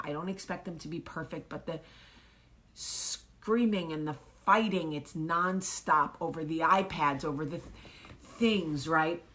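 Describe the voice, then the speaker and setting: A woman's voice: low voice, a bit bright. A woman in her thirties, hosting her own show, telling a candid, chatty story about her day. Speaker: vlog host. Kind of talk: casual storytelling monologue.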